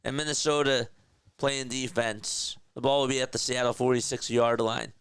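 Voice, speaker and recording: Smooth-voiced casual play-by-play man. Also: mid-range voice, fairly even intonation, normal speed, a bit bright, dry recording. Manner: casual, chats with viewers between plays. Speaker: play-by-play streamer. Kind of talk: live play-by-play commentary.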